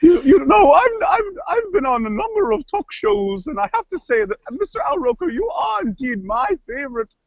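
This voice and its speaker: A man's voice: extremely high pitch, very animated, moderate pace, hardly any pauses, dry recording. A man improvising a proud, touchy woman TV chef who rambles and stalls on filler words, in a comedy scene over a lo-fi online call. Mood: chirpy. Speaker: improv performer. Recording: dull lo-fi online call audio.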